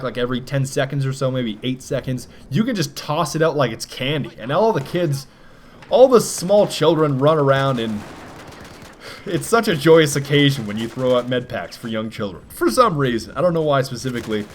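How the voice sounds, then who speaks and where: Lively, jokey young man with game commentary. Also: mid-range voice, a little hiss or hum. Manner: jokey, lively, breaks into silly voices and song. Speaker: gaming commentator. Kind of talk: gameplay commentary.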